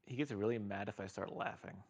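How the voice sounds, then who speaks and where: Low, gravelly streamer chatting casually. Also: male voice, fairly quick. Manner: rambling, coos at his pet in a raised voice. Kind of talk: casual livestream chat.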